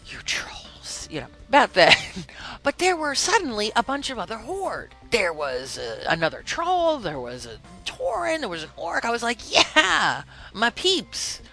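A woman hosts a casual podcast, telling a story with lively swings in pitch and a bright, edgy tone. She acts out each quote in a different voice. Faint music plays under her. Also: measured pace, vocal fry, rough recording. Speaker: podcast host.

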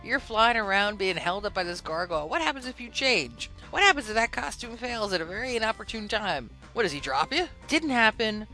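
A podcast host in casual, animated storytelling about a video game, retelling a quest with exasperated asides and acted-out quotes. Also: mid-range voice, brisk, few pauses, soft background music.

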